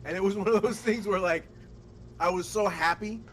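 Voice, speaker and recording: A man telling crude, animated stories full of cursing in a casual podcast chat. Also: high-pitched, moderate pace, over a noisy crowd, low-quality recording. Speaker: podcast co-host.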